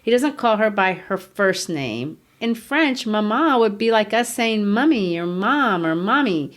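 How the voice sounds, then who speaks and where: A woman's voice: medium pitch, lively intonation, measured pace. Woman cohosting a lit podcast, earnest, explains stuff, asks rhetorical questions. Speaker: podcast co-host. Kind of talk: conversational literature discussion.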